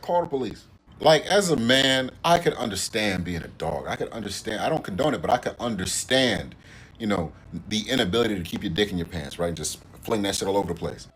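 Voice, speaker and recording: A man giving social media commentary in heavy slang, animated and emphatic. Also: mid-range voice, a little hiss or hum.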